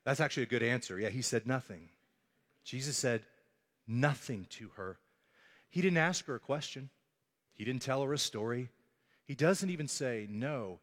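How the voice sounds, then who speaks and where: A man's voice: mid-range voice, lively intonation, normal speed, long pauses, a bit bright, big-room sound. A male pastor preaching a sermon, telling the story with animation and acting out the voices of the people in it.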